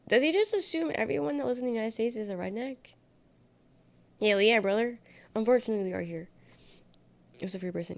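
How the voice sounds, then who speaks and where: A young adult woman talks casually on a live stream, reading messages from her chat and answering them bluntly, with the odd curse thrown in. Her voice has a gravelly, fry-edged texture at a middling pitch. The whole delivery feels loose and conversational. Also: a little mellow. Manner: chatty, reads chat aloud and reacts, blunt and swears freely. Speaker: livestreamer.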